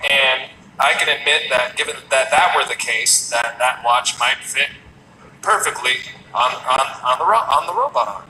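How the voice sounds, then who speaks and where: A man performing a stand-up comedy set, with a wry, rambling delivery broken by sudden shouted bursts. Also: mid-range voice, normal speed, echoey room, far from the mic, a little hiss or hum, low-quality recording.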